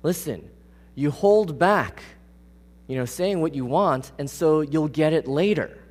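A preacher quoting a wise old grandpa bear. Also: male voice, fairly high pitch, measured pace. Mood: advising. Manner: calm, advising. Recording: long reverb of a large hall.

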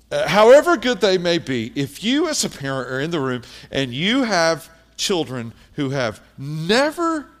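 Slow, animated male preacher. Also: a little high. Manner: emphatic, repeats key phrases, addresses the congregation. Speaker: pastor. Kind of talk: sermon.

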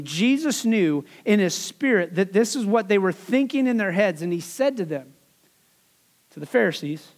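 A pastor preaching a sermon in a high voice for a man. He talks to his people in a loose, conversational way, with asides and phrases he says again and again.

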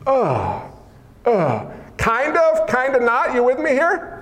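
A man preaching a sermon in an animated, joking way, acting out what people say. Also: extremely high pitch, slow. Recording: echoey hall.

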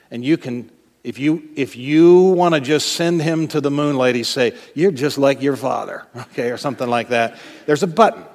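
A middle-aged man preaching a sermon, animated and jokey, acting out quoted lines as he goes. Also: mid-range voice. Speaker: pastor. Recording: long hall reverb.

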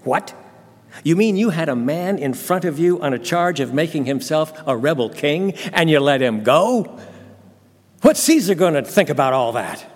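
A man's voice: on the high side, expressive, moderate pace. Sneering, mocking critics , as a man puts them on, slightly raised and scornful. A long hall reverb hangs on each word.

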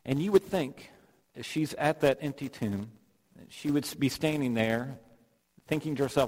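A man's voice: medium pitch, normal speed, darkish tone. A man preaching a sermon, retelling the scene earnestly and voicing the quoted lines. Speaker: pastor. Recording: long hall reverb.

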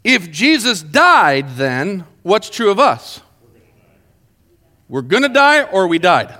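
A man with a high voice leads a group through a Bible lesson at an unhurried pace. He speaks with animation and often checks whether his listeners are keeping up.

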